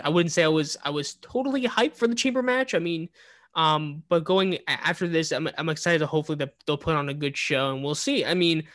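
A man's voice: fairly high pitch, a bit bright, dry recording. A man co-hosting a casual wrestling podcast, recapping the show in a rambling way with many fillers and restarts. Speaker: podcast co-host.

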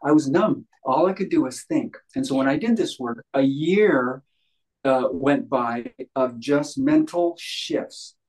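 A man's voice: mid-range voice, big pitch swings, measured pace, a little mellow, poor audio. A man talking as a guest in an interview, earnest and emphatic, often repeating phrases for stress. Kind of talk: conversational podcast interview.

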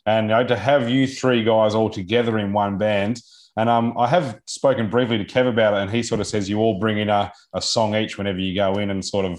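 A man's voice: on the low side, fairly even intonation, fairly quick. A man interviewing a songwriter and asking long, conversational questions.

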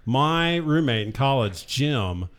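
A middle-aged man co-hosts a casual podcast, telling a family story with easy laughter. His pitch swings widely as he builds up his punchlines. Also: takes it slowly, clean tone. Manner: animated storyteller, laughs often. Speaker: podcast co-host.

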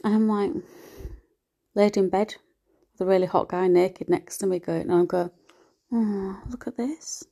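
A woman's voice: moderate pace, gravelly, long pauses. Give me a blunt, profane woman ranting. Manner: animated, with sudden pitch jumps. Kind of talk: ranting monologue to camera.

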